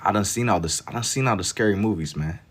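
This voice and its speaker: A man's voice: fairly low pitch, quick pace, slightly rough. A man chatting casually on a livestream while he draws, reading out viewer comments in a laid-back, slangy way and laughing easily. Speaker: livestreamer drawing on stream.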